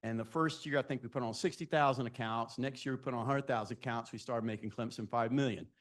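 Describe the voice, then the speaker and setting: Speaking at a quick pace, this man has a mid-range voice with fairly even intonation. He's in his sixties and, at a live event for students, recounts his career in self-deprecating anecdotes while asking listeners direct questions.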